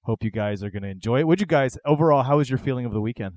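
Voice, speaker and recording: Dude hosting a podcast, jokey and loose, dry close mic. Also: male voice, mid-range voice, lively intonation, rapid-fire, a little mellow, dry recording. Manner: joking and loose, runs the conversation. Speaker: podcast host. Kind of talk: casual chat. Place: convention hall booth.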